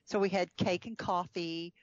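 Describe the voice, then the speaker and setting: Woman guest, casual chatty storyteller, lowish voice, dry muffled call sound. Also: fairly even intonation, moderate pace, no echo. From United States. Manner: chatty storyteller, laughs often, frequent fillers. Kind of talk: casual chat.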